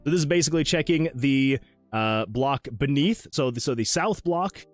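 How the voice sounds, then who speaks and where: A man's voice: medium pitch, lively intonation, moderate pace, faint music behind. A man streaming his game development, chatting in a casual, rambling way and poking fun at himself. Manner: rambling, chatty, with self-deprecating asides. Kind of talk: casual livestream chat.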